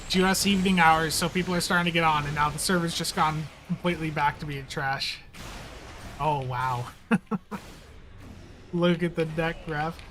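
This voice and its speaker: A man's voice: fairly high pitch, steady tone, normal speed, pauses often, sharp tone, slight background noise. A man hosting a live game stream, chatting in an easygoing, rambling way with plenty of fillers. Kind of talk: casual live-stream chat.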